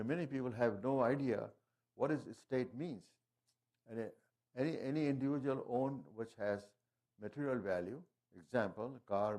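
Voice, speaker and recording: A man's voice: lowish voice, a little mellow. A man giving a presentation on wills and estate planning, talking through his slides with frequent restarts and fillers. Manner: halting, frequent restarts and fillers, non-native phrasing. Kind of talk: informal presentation talk.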